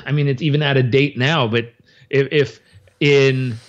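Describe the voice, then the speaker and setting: A man giving an interview in a casual, animated way, acting out crowd reactions and often restarting his sentences. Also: mid-range voice, moderate pace, highs cut off. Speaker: interview guest.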